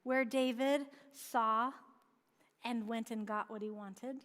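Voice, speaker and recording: A woman's voice: fairly high pitch, fairly even intonation, slow pace, a bit bright. A woman preaching a sermon in a church, earnestly asking questions and answering them herself. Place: church sanctuary. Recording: long church-hall reverb.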